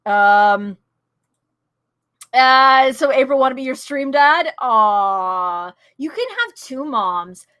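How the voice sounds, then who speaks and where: A woman's voice: high voice, lively intonation, slow pace, fairly bright tone, clear, resonant tone. Bubbly, chatty middle-aged woman. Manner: bubbly, chatty, laughs often, greets viewers. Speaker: streamer and guest. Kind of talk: casual chat while streaming.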